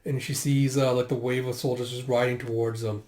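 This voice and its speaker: A man's voice: mid-range voice, little pitch movement, brisk, a little mellow, roomy sound. A man casually reading through a manga aloud, narrating the scenes with lots of fillers and hiccuping now and then. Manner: reads all dialogue aloud in raised voices, filler-heavy. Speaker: manga readthrough host.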